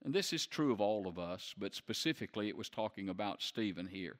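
A man's voice: lowish voice, expressive, fairly quick, in a large hall. A man preaching a sermon who puts questions to the congregation and builds to emphatic peaks. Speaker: pastor.

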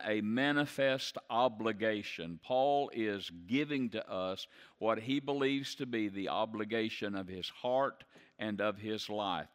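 A man's voice: on the low side, a bit bright, in a large hall. A man preaching a sermon in earnest, repeating key phrases for emphasis as he teaches. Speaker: pastor.

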